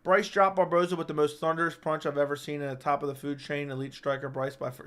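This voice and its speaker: A man's voice: on the high side, flat delivery, fast, hardly any pauses, a bit bright. A young man hosting a live-stream chat, rambling and joking as he reads viewer comments aloud.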